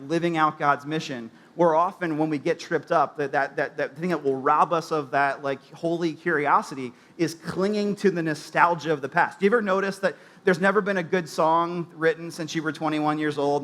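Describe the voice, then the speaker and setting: A man's voice: on the high side, a bit bright. A man preaching a sermon in a church, in a conversational way with many fillers and restarts. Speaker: pastor.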